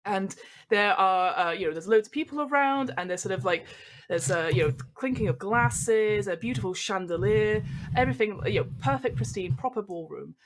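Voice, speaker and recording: A woman's voice: medium pitch, lively intonation, normal speed, a little hiss or hum. A woman narrating as game master of a tabletop role-playing game, chatty and rambling. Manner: chatty and rambling, full of fillers.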